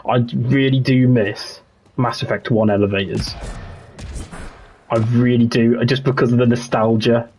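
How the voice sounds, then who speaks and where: A man's voice: mid-range voice, level tone, measured pace, a little mellow, slight background noise. A young man, chatting casually and rambling on a livestream while he plays a game, laughing often and restarting his sentences. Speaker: streamer.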